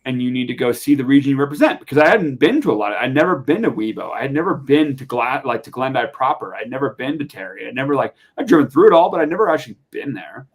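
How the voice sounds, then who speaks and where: A man's voice: medium pitch, fast talker, few pauses, breathy edge. Chatty young man telling a story. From Montana, USA. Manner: animated, chatty, lots of fillers. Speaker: podcast guest. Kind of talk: casual storytelling.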